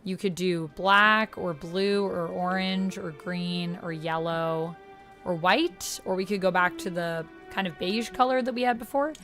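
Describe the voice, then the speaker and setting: A woman's voice: on the low side, steady tone, unhurried, fairly bright tone, soft background music. A woman live-streaming a video game, casually reading out menu options and chatting with her viewers. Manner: reads menu options aloud, chats with viewers.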